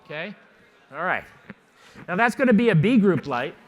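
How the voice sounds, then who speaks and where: High-voiced chatty photography teacher. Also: male voice, very animated. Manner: chatty, jokey, fast-talking teacher quizzing the audience. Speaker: photography instructor. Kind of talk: live workshop demonstration. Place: conference stage before a live audience.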